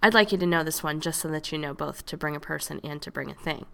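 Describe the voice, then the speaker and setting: A woman teacher giving a step-by-step lesson, patiently explaining each point and modeling words slowly. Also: low voice, gravelly, sharp tone. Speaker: French teacher. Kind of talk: classroom lesson narration.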